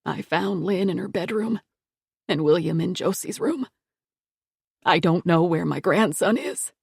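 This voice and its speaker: A woman reading the part of a grief-stricken older grandfather who speaks in a shaky, tearful, halting voice. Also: high voice, vocal fry, breathy edge, no echo, clean studio sound, full character voice. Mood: distraught.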